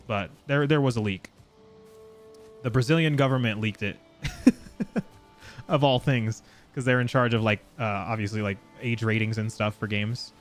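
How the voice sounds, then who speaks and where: A man live-streaming a game, chatting casually and excitably with his viewers and swearing freely. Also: on the low side, normal speed, pauses often, soft background music. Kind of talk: casual live gameplay chat.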